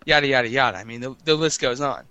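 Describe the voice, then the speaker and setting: A man's voice: medium pitch, fast talker, sharp tone, smooth, dry recording, muffled recording. A man co-hosting a casual sports talk show, rambling and teasing his co-host, often stammering over restarts. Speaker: podcast co-host.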